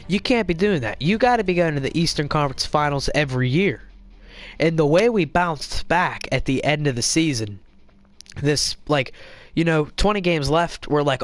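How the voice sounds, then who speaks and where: A young man hosting a casual hockey live stream, chatting to viewers in a quick, rambling way while playing a video game. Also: fairly high pitch. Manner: rambling, quick, with fillers and restarts. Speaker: podcast host live streaming.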